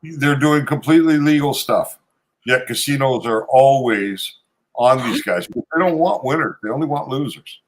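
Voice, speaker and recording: A man in casual podcast chat who explains his points in a steady, measured way. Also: medium pitch.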